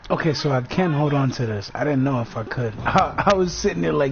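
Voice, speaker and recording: A man's voice: mid-range voice, animated, brisk, vocal fry, lo-fi sound. A man giving casual, laid-back gameplay commentary, swearing often. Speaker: gamer commenting on play.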